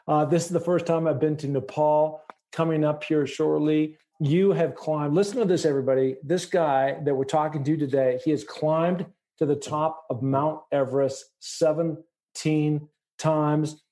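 A middle-aged American man hosts a podcast interview, speaking with enthusiasm and rambling with many fillers. His voice is a little high, steady and warm, at a measured pace.

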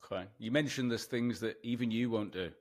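A man's voice: mid-range voice, brisk. A man hosting a podcast, asking questions with joking, teasing banter. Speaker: podcast host. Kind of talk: casual interview chat.

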